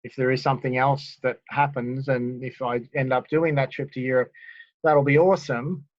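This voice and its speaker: A man's voice: medium pitch, fairly even intonation, moderate pace, no room sound, lo-fi sound. A man hosting a casual interview, friendly and affirming, calling his guest "mate". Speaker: host.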